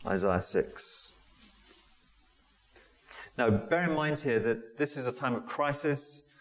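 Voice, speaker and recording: A man giving a conversational sermon, often pausing with fillers and restarting sentences. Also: mid-range voice, animated, slight background noise. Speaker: preacher. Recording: long hall reverb.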